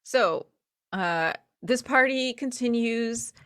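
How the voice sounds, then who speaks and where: A woman running a tabletop role-playing game, narrating in an animated way with frequent fillers and easy laughter. Her pitch moves a lot, and the recording is close and dry. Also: takes it slowly, clean tone, dry recording. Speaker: game master.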